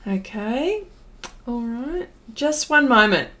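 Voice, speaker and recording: A woman's voice: on the high side, big pitch swings, slow, fairly bright tone. A middle-aged Australian woman hosting an art livestream, chatty and a bit flustered as she greets viewers by name. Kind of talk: casual live-stream chat.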